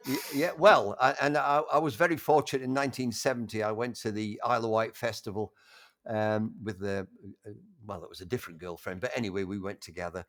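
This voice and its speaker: An older man reminiscing in a casual conversation, halting with frequent restarts and warmly enthusiastic. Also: fairly low pitch, fairly even intonation. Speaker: interview guest.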